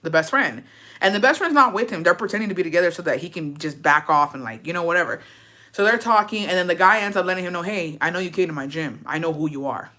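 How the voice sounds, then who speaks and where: A young woman casually recapping a show, swearing freely and acting out the characters' lines as she tells it. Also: mid-range voice. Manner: profane, animated storytelling with put-on quotes. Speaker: vlogger.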